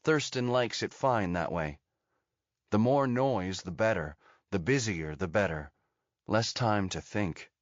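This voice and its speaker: Man, audiobook narrator, measured scripted narration, low voice, muffled dry recording. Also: no echo. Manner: steady, measured storytelling.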